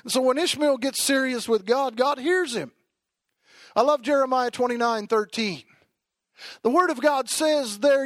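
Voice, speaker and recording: A man with a high voice preaching an emphatic sermon. He drops to quiet asides and then rises to shouted declarations. The sound is dry and close. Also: moderate pace, no echo.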